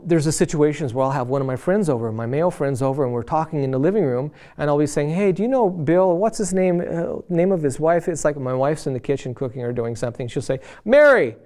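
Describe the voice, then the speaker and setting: A middle-aged man giving a relaxed marriage teaching, putting questions to the men listening. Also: sits high, clean tone. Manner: chatty, addresses men directly with questions; acts out quoted voices of wife and friends.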